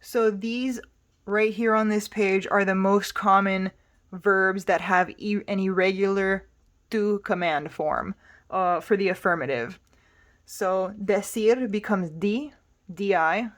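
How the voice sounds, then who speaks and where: A woman's voice: mid-range voice, takes it slowly. A woman teaching a Spanish lesson, explaining patiently and spelling words out letter by letter.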